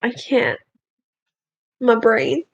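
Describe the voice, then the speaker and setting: A woman's voice: a little high, sing-song, drawn-out words, lo-fi sound. A woman, chatting casually on a game stream, exasperated and swearing freely. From Canada.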